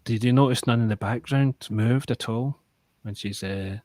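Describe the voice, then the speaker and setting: A man's voice: medium pitch, normal speed, mellow, no room sound. A Scottish man co-hosting a stream, chatting casually and rambling while fumbling for names. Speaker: stream co-host. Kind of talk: casual chat.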